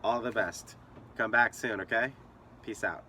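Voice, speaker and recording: A man's voice: on the low side, a little slow, sharp tone, slight background noise. A young man telling a story to his channel in a casual, profane, rambling way.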